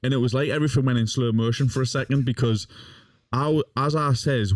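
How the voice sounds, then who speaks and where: A man's voice: mid-range voice, brisk, no room sound, studio quality. A young man, a podcast guest, telling a funny story in casual talk, swearing often and laughing as he goes. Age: young adult.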